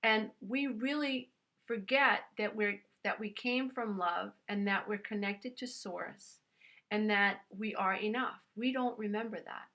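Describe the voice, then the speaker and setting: A woman's voice: mid-range voice, a little slow, sharp tone. A woman with a New York accent giving an earnest, emphatic motivational talk, speaking directly to her listener. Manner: earnest and emphatic, addresses listener as "dear one". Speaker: self-help speaker.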